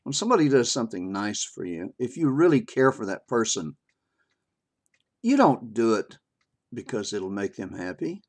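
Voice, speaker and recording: An older man with a low voice talks through his opinion in a homespun video monologue. He speaks haltingly, stopping on filler words and restarting his sentences, and chuckles now and then. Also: big pitch swings. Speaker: vlogger sharing his opinion.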